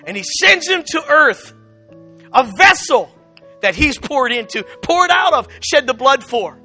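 A male preacher with an extremely high, piercingly bright voice delivers a fervent sermon. He hammers his points with emphasis and breaks into shouts, while a band plays faintly behind him. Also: lively intonation, unhurried, faint music behind.

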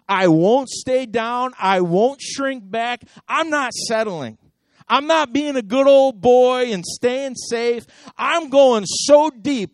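A male pastor preaching with fiery, repetitive exhortation, his voice sitting high for a man. He swings from ringing calls to hushed, intense asides. The sound is close and dry. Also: no room sound. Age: adult. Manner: impassioned preaching with sharp swings between loud and hushed. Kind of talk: sermon.

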